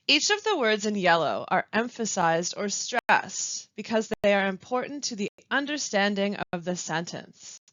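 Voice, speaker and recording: A woman instructor reads a pronunciation lesson, stressing words carefully and pausing between phrases. Her voice sits at a middle pitch and sounds a little dull and muffled. The recording is dry, with no room sound. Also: sing-song, fairly bright tone, dry recording. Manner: slow, carefully stressed reading of example sentences. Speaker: language support instructor.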